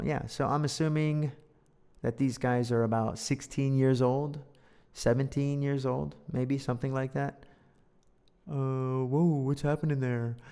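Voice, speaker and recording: In a warm, creaky mid-range voice, a man reads a storybook aloud to teach English, explaining words and sounds with playful, joking remarks. A long hall reverb hangs on the recording.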